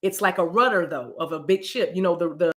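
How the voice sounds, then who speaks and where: A spiritual card reader talks through a casual message at a mid pitch. The delivery wanders, with words repeated and sentences restarted, and scripture quoted loosely. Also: fairly quick, fairly bright tone.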